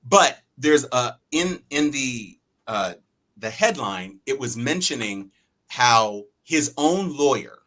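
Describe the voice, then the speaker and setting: A man's voice: mid-range voice, big pitch swings, slow pace, bright, forceful tone. A man co-hosting a casual political chat, wry and laughing as he acts out quotes. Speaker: podcast co-host.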